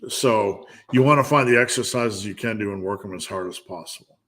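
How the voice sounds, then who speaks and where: A middle-aged man hosts a live stream, reading out viewers' questions and answering with blunt, joking lifting advice like a strength coach, often restarting his sentences. His voice is fairly low, a bit bright, and fairly quick.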